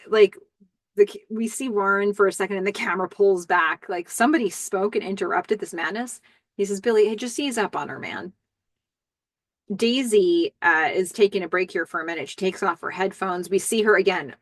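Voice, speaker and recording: A woman hosting a podcast, casually recapping a TV episode and musing aloud with fillers and quick laughs. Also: mid-range voice, a bit bright, dry recording. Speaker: podcast host.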